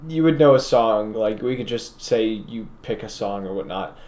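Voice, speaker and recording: A man narrating as game master in a casual tabletop session, laid-back and quick to laugh. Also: on the low side, expressive, a little mellow.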